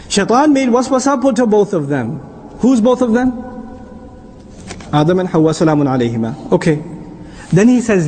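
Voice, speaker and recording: High-voiced man preaching lively sermon. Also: a little hiss or hum. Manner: lively, asks the audience questions, recites Arabic. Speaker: Islamic lecturer. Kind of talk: sermon on Qur'an verses.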